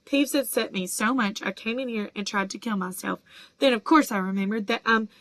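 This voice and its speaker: A woman voicing a touchy teenage ghost girl, dramatic and tearful, pitched a little above her own voice. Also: brisk, a bit bright, no room sound. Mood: self-pitying. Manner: dramatic, tearful and self-pitying.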